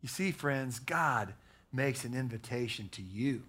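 A man preaching a sermon as pastor, repeating key phrases for emphasis and growing hushed in prayer. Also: mid-range voice, expressive, unhurried, husky. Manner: preaching with emphatic repetition, dropping soft at prayer.

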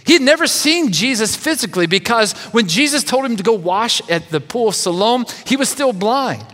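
A pastor preaching a sermon, reading scripture expressively and voicing the quoted speakers. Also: male voice, very high voice, expressive, moderate pace, a bit bright, big-room sound.

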